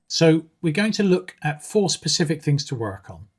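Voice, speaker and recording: Husky-voiced man teaching a lesson. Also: fairly high pitch, very animated. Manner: measured, with frequent um and uh fillers. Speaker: English exam teacher. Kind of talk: explanatory video lesson.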